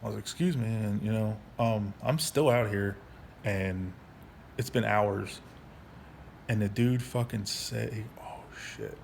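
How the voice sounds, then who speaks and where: A man in his thirties telling his own story in a casual monologue, angry and profane, halting with frequent restarts. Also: fairly low pitch, steady tone, vocal fry, darkish tone. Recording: faint background noise.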